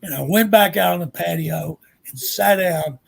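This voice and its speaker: Gravelly older Texan man telling stories. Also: sits high, moderate pace. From Texas. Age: 70s. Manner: animated anecdote-teller, acts out quotes. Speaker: guest sportswriter. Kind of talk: storytelling interview.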